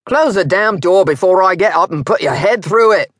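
A narrator voicing a thickset, belligerent tavern patron who shouts his threats. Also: high-pitched, expressive, moderate pace, no room sound, clean studio sound, pitched above the performer's own voice. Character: surly, thickset tavern brawler.

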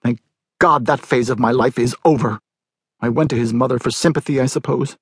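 A man's voice: medium pitch, steady tone, a little fast, husky, no echo, clean studio sound. A man voicing a bitter, wry middle-aged wife telling of her husband's betrayal in a storybook reading.

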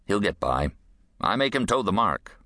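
A male audiobook narrator playing a gruff war veteran on parole, who talks in a curt, defensive, evasive way. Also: lowish voice, very animated, normal speed, pushed and bright, no room sound, studio quality, exaggerated voice.

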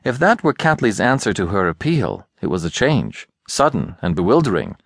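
A man narrating an audiobook with an expressive, dramatic reading, close to a studio mic. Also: fairly low pitch, moderate pace, dry recording. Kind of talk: scripted narration.

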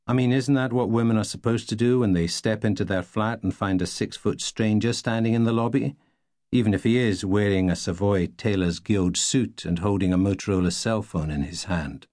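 A man reading a novel aloud in the first person, wry and deadpan. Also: lowish voice, moderate pace, dry recording, studio quality. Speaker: audiobook narrator.

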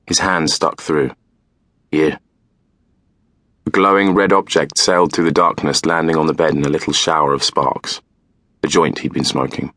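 A man narrating a novel in the first person, calm and measured. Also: a bass voice, dry recording. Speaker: audiobook narrator.

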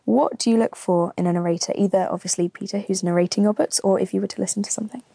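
A woman's voice: medium pitch, steady tone, very fast, gravelly, dark tone, slightly rough, no room sound. A woman hosting an interview, asking questions in an encouraging, giggly way. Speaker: interviewer host.

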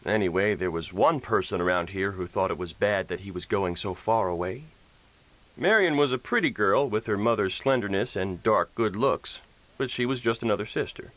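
A man narrating a western audiobook in an expressive storytelling manner, recorded on a close studio mic. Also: on the low side, normal speed, low-quality recording. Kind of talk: scripted narration.

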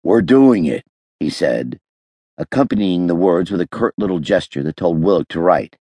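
A man's voice: low-pitched, normal speed, darkish tone, dry recording. A man narrating a first-person detective audiobook with wry, dry humor. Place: recording studio.

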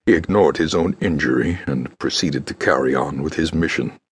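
A man reading an audiobook in a measured, grave storytelling manner. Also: rumbling low, husky. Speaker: audiobook narrator. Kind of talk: scripted narration.

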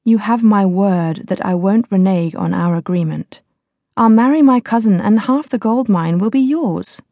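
A woman's voice: mid-range voice, normal speed, mellow, no room sound, dull audio, close to an everyday voice. A woman reading the part of a scheming older English lord who speaks affably but gives orders in a cold, businesslike way. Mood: commanding.

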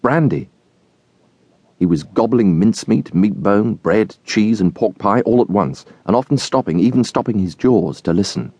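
A man narrating a classic novel as an audiobook, in an expressive storytelling manner. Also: on the low side, moderate pace, few pauses, husky, dry recording.

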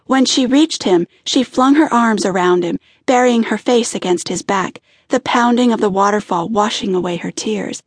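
A woman reading a romance audiobook in an expressive, intimate style. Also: mid-range voice, normal speed, slightly rough, dry recording, clean studio sound. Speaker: audiobook narrator. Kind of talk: scripted narration.

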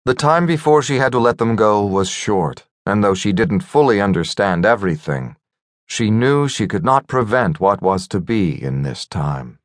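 A man narrating a fantasy audiobook in a measured, gentle storytelling manner. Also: on the low side, expressive, dry recording, clean studio sound. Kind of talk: scripted narration.

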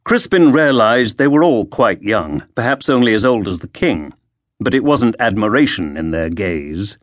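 Guy reading an audiobook, really lively up and down pitch, dry close studio sound. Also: moderate pace, no room sound. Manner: lively, expressive storytelling. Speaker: audiobook narrator. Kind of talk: scripted narration.

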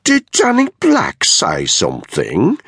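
A man's voice: lowish voice, wildly swooping pitch, measured pace, husky, no room sound, studio quality, pitched above the performer's own voice, exaggerated voice. A narrator voicing a sneering, bullying blond male unit commander with a crude, mocking manner. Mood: taunting. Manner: mocking, crude, exaggeratedly loud.

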